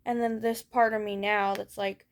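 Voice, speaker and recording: Speaking at a normal speed with a flat delivery and mid-range voice, a young female vlogger rants through a candid personal monologue. She's blunt and raw, curses freely, and circles back to the same thoughts.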